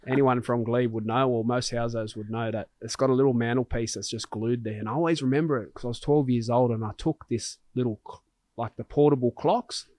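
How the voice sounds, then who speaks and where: A man hosts a podcast and tells a story in an earnest, heartfelt voice at a middle pitch. He often restarts his sentences as he searches for words. The sound is dry and close. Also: fairly even intonation, fairly quick, darkish tone, no room sound. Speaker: podcast host. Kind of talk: conversational storytelling.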